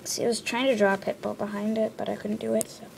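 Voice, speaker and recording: A woman showing her drawings in a casual show-and-tell, hesitant, with lots of ums and quick self-corrections. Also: mid-range voice, level tone, gravelly, a little hiss or hum.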